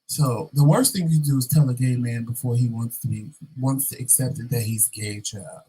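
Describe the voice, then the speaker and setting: A man vlogging, telling a story in a casual, animated and sassy way with dramatic asides to his viewers. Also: mid-range voice, moderate pace, breathy edge, poor audio.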